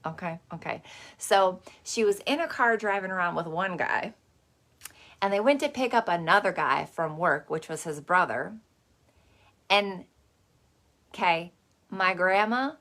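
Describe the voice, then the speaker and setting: A woman with a fairly low, slightly bright voice hosts a motivational masterclass, speaking a little slowly. She's casual, chatty and salty, sprinkling in plenty of "like" and "okay."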